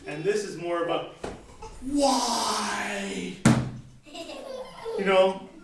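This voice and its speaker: A woman's voice: fairly low pitch, steady tone, brisk. A woman teaching a casual class in a playful way, laughing often and acting out her examples. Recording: echoey noisy room from far off.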